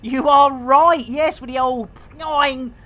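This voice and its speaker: A man's voice: very high-pitched, fairly even intonation, slow pace, pushed and bright. A man giving playful, theatrical commentary on a live game stream. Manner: jokey, theatrical, lots of pet phrases.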